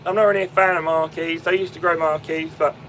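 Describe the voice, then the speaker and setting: Chatty farmer with a bright Fenland accent. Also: male voice, on the high side, little pitch movement, fast, slight background noise, low-quality recording. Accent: English Fenland. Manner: chatty, many ums and restarts, calls viewers mate and my man. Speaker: farmer live-streaming from a tractor cab. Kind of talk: casual live stream chat, answering viewers. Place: inside a tractor cab in a field. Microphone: phone.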